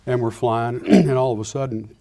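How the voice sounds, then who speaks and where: An older man, a retired Air Force pilot, giving a lecture full of anecdotes and acting out the dialogue with lively restarts. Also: mid-range voice, normal speed, gravelly. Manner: animated storyteller acting out dialogue, frequent restarts.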